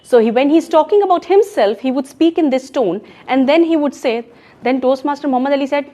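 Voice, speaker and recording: A woman's voice: sits high, brisk. Emphatic Pakistani woman giving a speaking lesson. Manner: emphatic and animated, mixing in Urdu phrases. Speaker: public speaking trainer. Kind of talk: education session talk. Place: meeting room in a co-working space.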